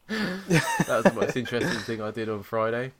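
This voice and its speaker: A man co-hosting a podcast, telling a story in a sweary, animated way and mocking the people he quotes. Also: medium pitch, heavy background noise. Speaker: podcast co-host. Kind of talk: casual chat.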